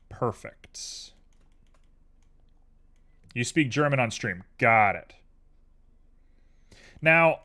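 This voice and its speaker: A man's voice: mid-range voice, pushed and bright. A tired man chatting casually and rambling drowsily on a live stream while he works on a 3D model at his computer.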